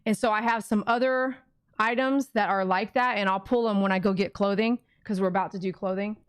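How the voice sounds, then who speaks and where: A woman's voice: mid-range voice, fairly even intonation, brisk, clear, resonant tone. A middle-aged woman at home running a casual live auction stream, chatting with viewers and talking to her dogs.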